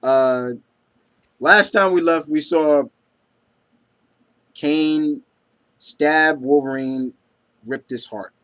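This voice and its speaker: A man's voice: on the high side, drawn-out words, pauses often, a bit bright, smooth. A man talking casually in a comic book review vlog, rambling with lots of fillers, tripping over names and reading out quotes with enthusiasm.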